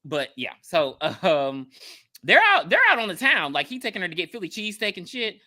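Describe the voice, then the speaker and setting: A woman's voice: on the low side, very animated, a little fast, pushed and bright. A woman co-hosting a podcast, recapping a movie in casual chat with wry asides and laughs. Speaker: podcast co-host.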